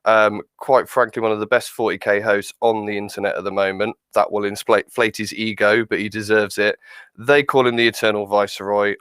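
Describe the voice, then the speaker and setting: A man's voice: fairly low pitch, little pitch movement, brisk, a bit bright, clean tone, no echo. A man hosting a livestream, introducing his guests in an upbeat, friendly way. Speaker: host.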